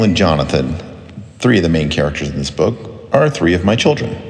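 Deep-voiced male author, upbeat and conversational, with animated delivery. Reverberant. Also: creaky. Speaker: children's author and songwriter. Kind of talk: introducing and reading his book.

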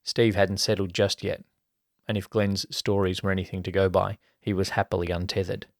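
A man reading an erotic story aloud as a podcast narrator, in an even storytelling manner. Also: low-pitched, moderate pace, vocal fry, no echo, clean studio sound. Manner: even storytelling, colloquial mates' banter.

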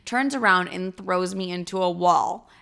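A young woman hosting a podcast who tells a story in a casual, animated way, swearing freely. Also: unhurried, vocal fry, clear, resonant tone. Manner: animated, crude, swears freely, acts out quotes in a high voice.

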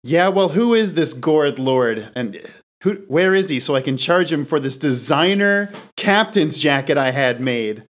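A man voicing a haughty, wealthy young woman airship captain who makes slow, indignant demands. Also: fairly high pitch, lively intonation, voice pushed up.

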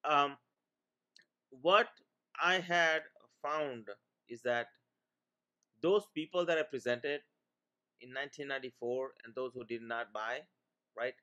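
A man's voice: medium pitch, slow pace, pauses often, pushed and bright, smooth, muffled recording. A middle-aged man from India, a financial planner, talking as a guest in a casual interview, rambling with many restarts.

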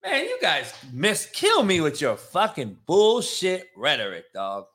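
Profane, combative sports-talk host. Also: male voice, fairly high pitch, wildly swooping pitch, unhurried. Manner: profane, combative, mocking, swings from loud to hushed. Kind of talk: sports opinion rant.

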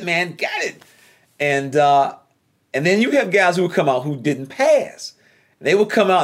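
A man from North Carolina with a Southern accent, telling a personal story in a casual, animated way and often repeating phrases. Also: a little high. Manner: animated, repeats phrases, voice jumps up when excited.

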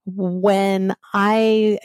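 A woman's voice: mid-range voice, flat delivery, very slow, darkish tone, no echo. Blunt southern lady podcaster, cusses a bit, takes her time. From American South. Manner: blunt, profane and unbothered. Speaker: podcast host. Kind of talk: roundtable discussion.

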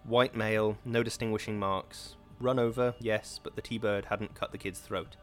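A man narrating an audiobook in a measured, dramatic reading. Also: on the low side, steady tone, soft background music. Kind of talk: scripted narration.

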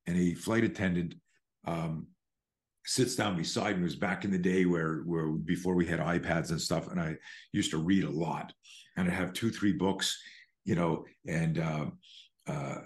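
Deep-voiced older man telling a story. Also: echoey room. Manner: animated storyteller, acts out quotes. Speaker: self-defense instructor, guest. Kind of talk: storytelling interview.

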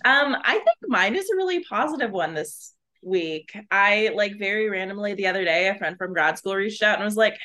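A woman's voice: medium pitch, lively intonation, brisk, few pauses, pushed and bright. A young adult woman co-hosting a casual podcast over a video call, chatting in a goofy, upbeat way. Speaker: podcast co-host. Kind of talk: casual chat over beer.

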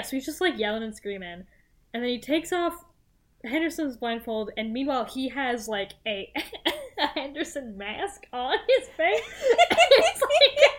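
Young woman on a podcast, laughs a lot, swears, voice jumps all over, kinda high. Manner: animated, laughs often, swears, acts out characters. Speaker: podcast co-host. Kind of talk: casual chat recapping a TV show.

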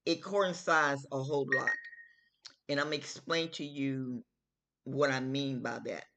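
A middle-aged woman hosting her own show, giving her opinion in a slow, emphatic, chatty way and repeating her phrases. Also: very deep voice, steady tone, a bit bright. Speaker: host. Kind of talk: casual opinion talk.

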